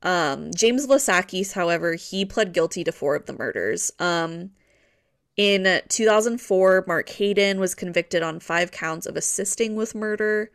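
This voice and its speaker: A woman's voice: lowish voice, expressive, measured pace. A woman co-hosting a casual true-crime podcast, telling the case in a loose, chatty way with many fillers. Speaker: podcast co-host narrating the case.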